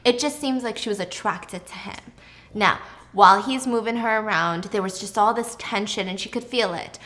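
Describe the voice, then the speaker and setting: A woman hosting a casual movie recap, chatty and animated, swearing freely as she tells it. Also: medium pitch, normal speed. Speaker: host.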